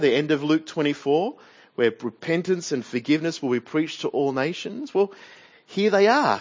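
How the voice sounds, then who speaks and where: A man's voice: on the high side, dull audio. A man with an Australian accent preaching an expository sermon, often putting questions to the congregation. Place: church.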